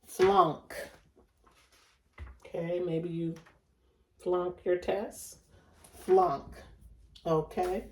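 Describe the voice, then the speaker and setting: A woman teaching a phonics lesson, sounding out word chunks slowly and overemphasizing each sound. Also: fairly low pitch, flat delivery. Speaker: reading teacher. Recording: echoey room, voice a bit far from the mic.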